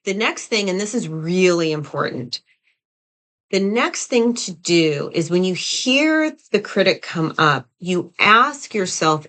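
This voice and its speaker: A woman with a low-pitched voice gives a coaching talk straight to camera. She speaks in an easy, conversational way, often repeating a phrase and checking in with "right?". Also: animated, slow pace, a bit bright. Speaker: leadership coach. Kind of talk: direct-to-camera teaching talk.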